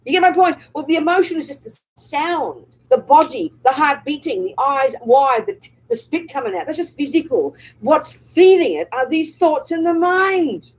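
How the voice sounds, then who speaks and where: A woman's voice: sits high, animated, normal speed, hardly any pauses, rough recording. A woman Buddhist nun giving a live dharma talk, speaking emphatically and often checking with the audience through rhetorical and tag questions.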